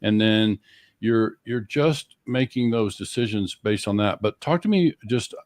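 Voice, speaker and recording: A man's voice: lowish voice, unhurried, no echo. A man co-hosting a podcast, summarizing and questioning his guest in a reflective way with restarts. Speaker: podcast co-host and coach. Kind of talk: podcast interview.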